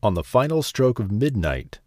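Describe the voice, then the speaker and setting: A man reading a fairy tale aloud with a measured, expressive storybook delivery. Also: medium pitch, no room sound, clean studio sound, faint music behind. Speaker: narrator. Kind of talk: storybook narration.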